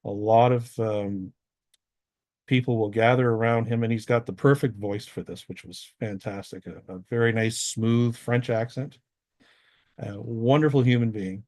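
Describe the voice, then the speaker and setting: A man talks loosely through a set of photos, stopping and restarting his sentences as he goes. His voice sits at an ordinary middle pitch. The sound is dry and close, with no room echo. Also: fairly even intonation, moderate pace, darkish tone. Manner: rambling, many restarts, easygoing. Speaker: guest astronomer. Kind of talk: casual talk over photos.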